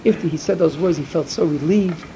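A middle-aged man giving an emphatic storytelling sermon to a yeshiva, repeating his points and swinging from loud to hushed. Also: fairly high pitch, a little fast, a little hiss or hum, rough recording. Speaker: yeshiva speaker.

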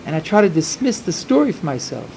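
A man telling a religious folk tale in the first person, slow and dramatic at times. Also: high-pitched, big pitch swings, dark tone, a little hiss or hum, poor audio. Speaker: storyteller.

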